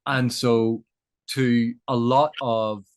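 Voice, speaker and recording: A man in conversation, unfolding ideas patiently, like a lecturer who has thought it through. His voice sits at an everyday middle pitch for a man. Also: level tone, drawn-out words, clear, resonant tone. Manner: thoughtful, lecturing, builds points with examples. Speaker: guest. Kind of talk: explanatory interview chat.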